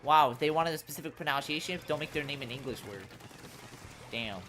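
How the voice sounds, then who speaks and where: A woman's voice: sits low, a little fast, slight background noise. A young woman streaming a game live, ranting casually and profanely about characters and saying "bro" a lot. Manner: ranting, profane, animated, says "bro" often. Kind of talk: casual live-stream commentary while gaming.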